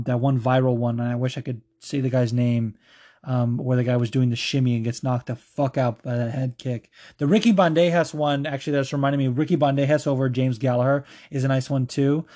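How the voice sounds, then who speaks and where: A man's voice: medium pitch, fairly even intonation, fairly quick, mellow. A man hosting a podcast, casually answering fan questions in a loose, filler-heavy and profane way. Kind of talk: casual chat.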